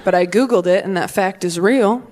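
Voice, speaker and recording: A woman in her twenties does an animated stand-up set, voicing the characters she quotes, to an audience that laughs. Her pitch is medium and her speed normal, with a faint crowd and slight background noise.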